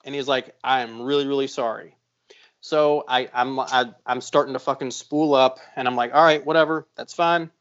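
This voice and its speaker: A man's voice: medium pitch, fairly even intonation, normal speed, fairly bright tone. Profane rambling man, dull lo-fi sound. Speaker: podcast co-host, knifemaker. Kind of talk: casual podcast chat.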